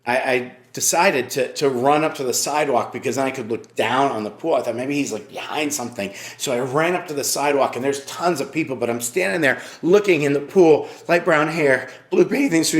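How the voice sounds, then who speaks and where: A man's voice: mid-range voice, a little fast, hardly any pauses. Earnest male pastor in an echoey room. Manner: earnest storytelling with repeated phrases. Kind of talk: sermon with personal story.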